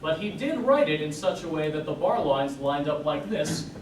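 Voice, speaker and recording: In a recital hall, a man delivers a lecture recital, explaining music to his audience and counting beats out loud. His voice is fairly high and animated, moving at a normal speed. The recording is noisy and echoey, picked up from far off in the hall.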